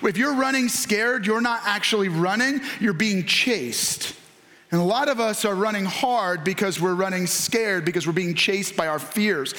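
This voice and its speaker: Man, pastor, sermon, high voice, animated, acts out voices, bursts of shouting.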